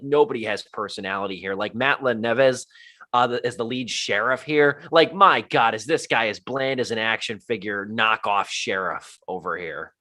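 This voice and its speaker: A man with a bright, forward voice co-hosts a casual movie podcast. He speaks as a film critic, rambling and animated, full of fillers and self-corrections as he works toward his point. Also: medium pitch. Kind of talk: casual movie review chat.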